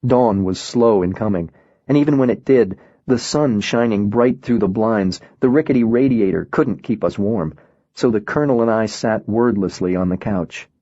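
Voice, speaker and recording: A man narrating an audiobook in a subdued, measured way. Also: fairly low pitch, dark tone, no room sound, muffled recording.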